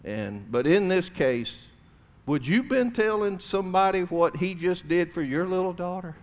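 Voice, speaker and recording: A man preaching a sermon, swinging between loud emphasis and hushed tones. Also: high voice, animated, moderate pace.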